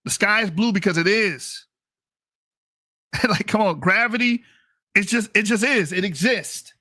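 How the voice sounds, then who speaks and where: A man's voice: high voice, unhurried, bright, forceful tone, dry recording, studio quality. A man hosting a channel, giving blunt, mocking and profane commentary as he reacts to results on screen. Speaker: channel host.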